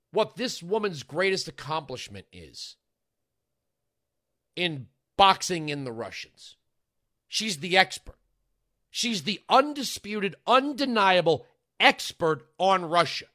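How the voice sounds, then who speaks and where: A man's voice: sits high, sharp tone, dry recording, studio quality. A man hosting a talk radio show, delivering a sarcastic, mocking, combative monologue.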